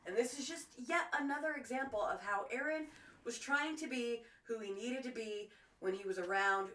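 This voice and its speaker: A woman's voice: on the high side, normal speed, roomy sound, recorded from a distance, very noisy. Southern woman with a twang, off-mic. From American South. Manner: crude, deadpan jokes. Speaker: podcast co-host. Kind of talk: casual true crime podcast chat.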